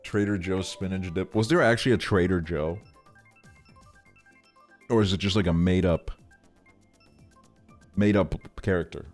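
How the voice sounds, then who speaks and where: A man's voice: low voice, measured pace, pauses often, a little mellow, faint music behind. A young man streaming, chatting casually with his viewers, swearing often and sounding exasperated in a joking way. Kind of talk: casual chat.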